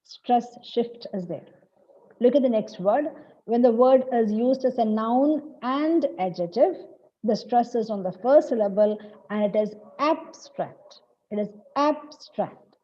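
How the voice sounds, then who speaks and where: Malayali-accented woman teaching English stress. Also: a little high. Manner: deliberate, repeats each example sentence. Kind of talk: online lecture. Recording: lo-fi online class audio.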